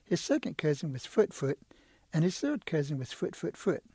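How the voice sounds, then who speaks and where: A middle-aged man spins folk tales in a playful, rhythmic way, now and then stumbling over a word. His voice is fairly high with a slight huskiness. The sound is dry and close. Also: big pitch swings, moderate pace, dark tone, breathy edge, no room sound. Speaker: storyteller. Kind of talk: oral storytelling.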